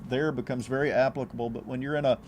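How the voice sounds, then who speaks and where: A man's voice: medium pitch, fairly even intonation, quick pace. Easygoing man, faint background hiss. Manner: easygoing, restarts phrases often. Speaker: real estate agent. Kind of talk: casual interview answers.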